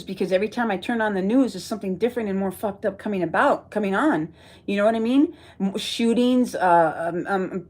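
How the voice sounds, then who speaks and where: A woman's voice: mid-range voice, darkish tone. A woman from Texas talking to viewers on a livestream, rambling and emotional, reading and answering the chat as she goes. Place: at home.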